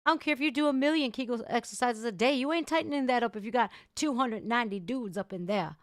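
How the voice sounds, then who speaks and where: A woman hosting a casual livestream, chatting loudly and crudely with her viewers. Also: a little high, fast talker, dry recording, studio quality. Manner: loud, bubbly, crude banter with viewers. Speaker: livestream host.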